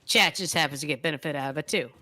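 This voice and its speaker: Woman streaming, talks blunt and swears a lot, lowish voice, crisp bright sound. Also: very fast. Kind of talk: casual stream chat.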